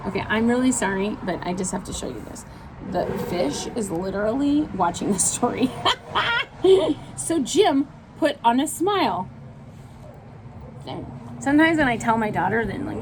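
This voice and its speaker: A mother reading a picture book aloud, breaking off for chatty, animated asides. Her voice is fairly high and swoops around expressively, over a faint background hiss.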